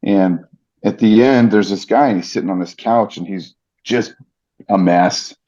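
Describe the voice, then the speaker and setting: A man telling an earnest story, low and mellow. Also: a little slow, lo-fi sound. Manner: earnest, vivid retelling with fillers. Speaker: podcast guest, ring announcer. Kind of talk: personal storytelling.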